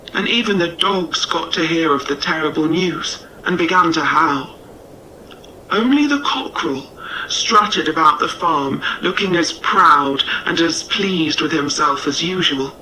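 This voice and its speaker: A man narrating a storybook tale in a measured, gentle way. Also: on the high side, recorded from a distance, a little hiss or hum, poor audio.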